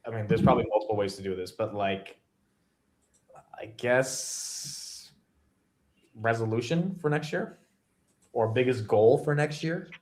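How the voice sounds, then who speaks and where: Joking man who trails off quietly. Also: mid-range voice, unhurried, long pauses, a little hiss or hum. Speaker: stream co-host. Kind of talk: casual chat.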